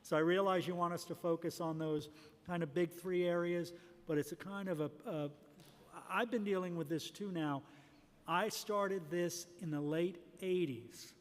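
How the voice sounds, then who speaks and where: A man's voice: sits high, normal speed. A middle-aged man, a commission member, making long earnest remarks at a public hearing. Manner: rambling, earnest, long run-on sentences. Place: large city hall hearing room. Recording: reverberant hall.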